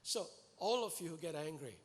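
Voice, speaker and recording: A man preaching a sermon to a congregation, earnest and animated, pleading and exhorting his listeners. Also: on the high side, a little fast. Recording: echoey hall with long reverb.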